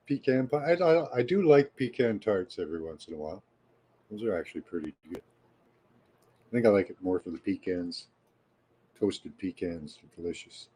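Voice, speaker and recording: Husky low-voiced Canadian man. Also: moderate pace, long pauses, rough recording. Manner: relaxed and rambling, with frequent fillers. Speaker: livestream host. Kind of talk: casual live-stream chat, answering viewer comments.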